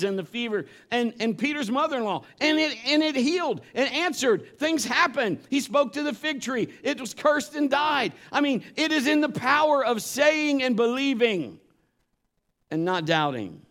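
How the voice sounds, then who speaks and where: The man preaching has an extremely high, somewhat bright voice with lively intonation and an unhurried pace. His sermon is conversational, earnest and emphatic, mixing scripture with episodes from his own life.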